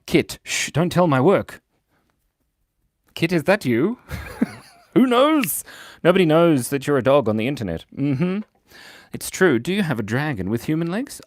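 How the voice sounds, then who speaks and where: A man with an Australian accent hosting a live drawing stream for kids, playful and jokey as he reads viewer comments aloud. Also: medium pitch. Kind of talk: casual livestream chat.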